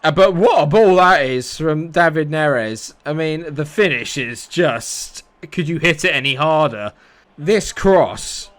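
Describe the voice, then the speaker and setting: A young man giving live commentary on his football video game, sarcastic and exasperated, bursting into excited shouts. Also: fairly high pitch, slow. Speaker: gaming commentator.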